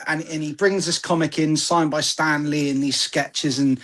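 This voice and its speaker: A man with a British accent in casual chat, telling rambling, animated stories as co-host. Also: fairly high pitch, moderate pace.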